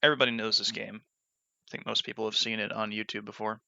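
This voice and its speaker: A man's voice: on the low side, little pitch movement, fast, vocal fry, bright, forceful tone, dry recording. A man casually commenting on a game as he plays, rambling with fillers and false starts, on a dull lo-fi mic. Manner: rambling, many fillers and restarts. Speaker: let's play gamer.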